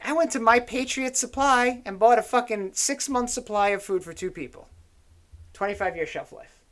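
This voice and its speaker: A man's voice: extremely high pitch, normal speed. Tipsy guy ranting and swearing, long rambling stories, host of a chat show. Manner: rambling, profane, animated storytelling. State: tipsy on whiskey. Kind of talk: casual political chat.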